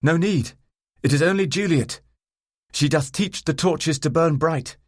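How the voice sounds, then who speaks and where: A mild, slightly jumpy young brother, put on by a male reader. His audiobook voice rides higher than the reader's deep tone, husky at the edges, recorded dry and close. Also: fairly even intonation, a little slow, no room sound. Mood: sheepish. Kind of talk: audiobook character voice.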